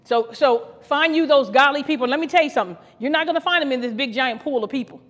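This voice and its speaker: Speaking quickly in a high-pitched voice, an Ohio woman who co-pastors preaches a fervent podcast sermon. Her phrases recur, the odd laugh slips in, and long hall reverb colors the sound.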